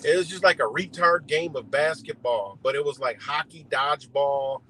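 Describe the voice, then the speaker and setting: A man's voice: a little high, moderate pace, sharp tone, slight background noise, poor audio. A man doing a rambling, profane political rant on a livestream, talking outdoors beside a road. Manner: heated, rambling, heavy swearing. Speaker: livestream host.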